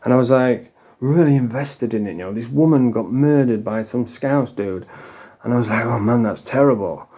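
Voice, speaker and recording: A middle-aged Yorkshire man delivers a blunt, sweary rant straight to camera. His voice is dark and mellow, at an ordinary pitch for a man. He sounds opinionated and unfiltered throughout. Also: normal speed. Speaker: vlogger. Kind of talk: ranting monologue vlog.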